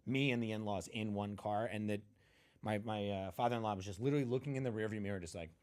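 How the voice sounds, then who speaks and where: A male comedian guest, telling stand-up stories in a punchy, animated way and acting out the people in them. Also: quick pace, clear, resonant tone. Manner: punchy storyteller, acts out quotes with big jumps in pitch. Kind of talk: animated storytelling chat.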